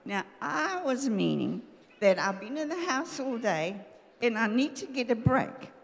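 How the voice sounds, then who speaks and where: A woman's voice: on the high side, very animated, a little slow, creaky, in a large hall. An older woman preaching a sermon with humor, acting out the voices of husbands and wives as she talks about marriage. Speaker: pastor's wife preaching. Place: church hall.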